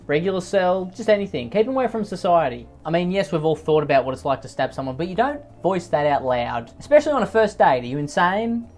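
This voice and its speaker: Man ranting in comic disbelief. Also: fairly high pitch. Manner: exaggerated, ranting reactions with sudden loud outbursts. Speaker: comedy YouTuber reacting to posts. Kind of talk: comedic commentary reading posts.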